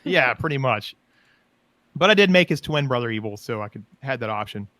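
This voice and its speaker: Bright-voiced man telling rambling stories. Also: medium pitch, expressive, a little fast, no room sound. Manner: rambling, enthusiastic storytelling. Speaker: podcast co-host. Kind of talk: casual chat about roleplay.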